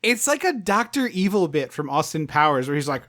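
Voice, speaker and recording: A podcast co-host with a very lively, swooping voice recaps a movie in casual chat. They laugh often and slip into exaggerated character voices. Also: medium pitch, fairly quick, hardly any pauses.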